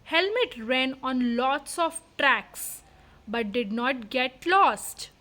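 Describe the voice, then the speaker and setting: A woman's voice: sits high, animated, slow, sharp tone. A woman teaching reading, sounding out words letter by letter and reading simple storybooks aloud in a phonics lesson.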